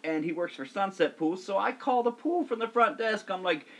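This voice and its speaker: Young male co-host, casual and crude, laughs a lot, slightly raised pitch. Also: expressive, moderate pace, a bit bright. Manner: laughing storyteller. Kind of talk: casual profane chat.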